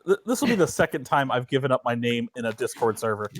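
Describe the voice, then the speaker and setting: A man's voice: mid-range voice, lively intonation, fast, a little hiss or hum. A man co-hosting a podcast, chatting in an offhand, meandering way and swearing casually. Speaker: podcast co-host.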